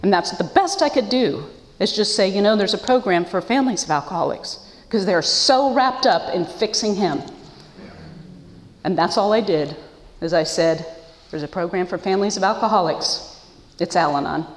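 Woman, earnest testimony, emotional, mid-pitched voice, long echo of a meeting hall. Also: moderate pace. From United States. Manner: earnest, emotional, with self-deprecating laughs. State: choked up. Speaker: speaker sharing her story at a support meeting. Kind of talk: personal testimony.

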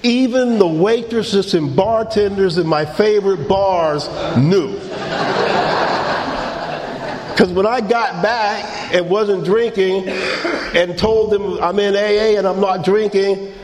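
Middle-aged man sharing his story, unhurried, fairly high voice, echoey hall. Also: darkish tone, a little hiss or hum. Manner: storytelling, laughing, acting out quotes. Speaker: recovery meeting speaker. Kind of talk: personal testimony talk. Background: audience laughter.

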